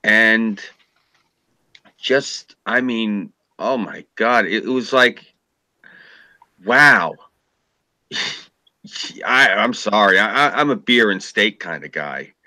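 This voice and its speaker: A fairly low-pitched man rants in casual political chat, swearing freely and slipping into mocking impressions of people he dislikes. His voice is bright and forceful, and it is recorded close and dry with no room sound. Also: expressive, slow, no echo. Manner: profane, ranting, mocking impressions. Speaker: podcast co-host, former journalist.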